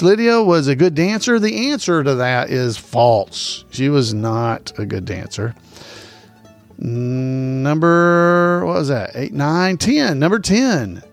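A man's voice: on the high side, animated, takes it slowly, faint music behind. A man hosting a casual trivia podcast, repeating each question in a folksy, chuckling way. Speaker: trivia host.

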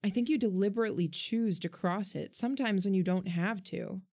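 A woman voicing a gentle, earnest boy who speaks firmly and thoughtfully in a storybook reading. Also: mid-range voice, fairly quick, natural voice. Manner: gentle but firm, earnest.

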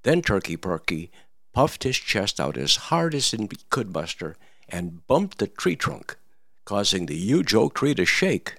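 Gravelly, mocking male commentator. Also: fairly low pitch, big pitch swings, measured pace, bright, forceful tone, no room sound, studio quality. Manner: mocking, theatrical, sing-song emphasis. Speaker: political commentator. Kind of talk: satirical storytelling commentary.

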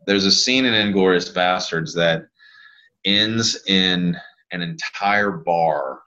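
A man in his thirties with a very low voice chats as a podcast guest. He tells loose, rambling stories in a laid-back way. The audio is a bit dull and lo-fi. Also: a bit bright. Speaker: guest, pelvic health physical therapist. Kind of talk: casual podcast conversation.

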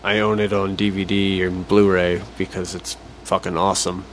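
A man's voice: sits low, flat delivery, moderate pace, slight background noise. A man co-hosting a podcast, chatting casually about movies, laid-back, swearing freely and laughing often. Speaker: podcast co-host. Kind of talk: casual movie review chat.

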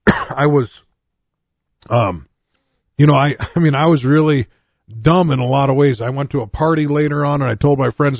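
A pastor in his sixties from North Dakota tells his own story from the pulpit in a loose, conversational way, restarting his sentences and poking fun at himself. His voice sits at an ordinary pitch for a man. The recording is dry and close, with little room sound. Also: normal speed, long pauses, no echo. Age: 60s. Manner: candid and conversational, with frequent restarts and wry self-mockery. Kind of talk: personal testimony in a sermon.

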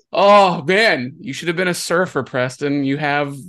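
A man's voice: sits high, fairly bright tone. A man hosting a podcast in casual chat, upbeat and jokey, laughing often. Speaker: podcast host. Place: Texas.

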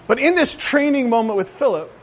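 A pastor preaching a sermon in a conversational way, often checking with listeners and adding jokey asides. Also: male voice, extremely high pitch, expressive, a little fast, breathy edge. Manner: conversational, asks the crowd "right?".

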